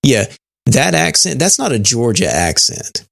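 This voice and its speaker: A man co-hosting a podcast in casual chat, talking in a halting way with many fillers and restarts. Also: mid-range voice, sing-song, gravelly, fairly bright tone, dry recording, studio quality. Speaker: podcast co-host.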